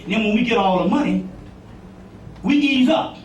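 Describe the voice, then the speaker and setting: A man with a very high voice talks to an audience in loose, rambling style, swearing freely and often checking "you see what I'm saying". He is heard from some distance in an echoey room with faint noise behind him. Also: lively intonation, normal speed. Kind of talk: informal lecture to an audience.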